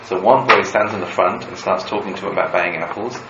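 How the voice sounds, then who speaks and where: A man, a rabbi, giving a Torah lecture to students, telling stories in an animated way and weaving Hebrew quotes into his explanation. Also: low voice, brisk, vocal fry, muffled recording. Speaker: rabbi teaching a class. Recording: roomy room with background noise.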